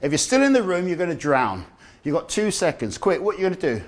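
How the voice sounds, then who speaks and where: A middle-aged man giving a lively talk on dementia care, acting out the people in his stories. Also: a little high, quick pace. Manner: animated storyteller, acts out quoted voices. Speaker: dementia awareness speaker. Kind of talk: lively public health talk. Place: community event room.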